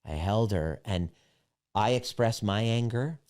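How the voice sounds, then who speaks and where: Deep-voiced man telling a blunt personal story. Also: measured pace, a little mellow, clean tone. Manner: blunt and emphatic, swears freely; earnest, preaching-like lessons. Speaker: self-help relationship coach. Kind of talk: candid personal storytelling monologue.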